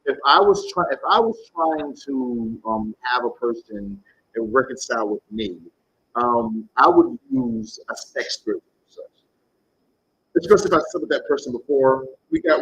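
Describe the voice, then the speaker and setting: A man's voice: fairly high pitch, very animated, moderate pace, a bit bright, muffled recording, slight background noise. A man giving live tarot readings to viewers, talking bluntly, animatedly and with casual swearing. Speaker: tarot reader.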